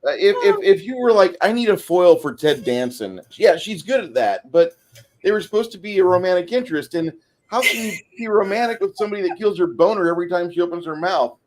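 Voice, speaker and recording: A man's voice: sits high, quick pace, slight background noise. A man hosting a casual talk show, making blunt, crude jokes. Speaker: podcast host. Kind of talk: casual chat about a film.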